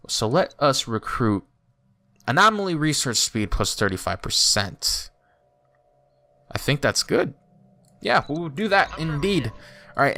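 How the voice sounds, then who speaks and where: Male YouTuber, let's play commentary; bright tone, swooping pitch, excited outbursts. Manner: chatty, thinking aloud, bursts of excited exclaims. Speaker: YouTuber playing a strategy game.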